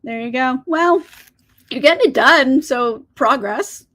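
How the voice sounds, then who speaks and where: Brief: high-pitched woman, chatty book streamer, casual and giggly, swears lightly. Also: unhurried, fairly bright tone. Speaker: reading live-stream host. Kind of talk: casual chat to live viewers.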